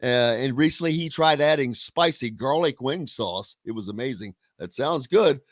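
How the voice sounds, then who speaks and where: A man's voice: mid-range voice, lively intonation, normal speed, no echo. A man hosting a casual sports talk radio show, chatting and reading listener comments aloud.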